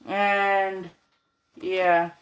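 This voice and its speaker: A woman's voice: medium pitch, level tone, very slow. A tired woman rambling casually in slang and swearing as she retells a fan story late at night.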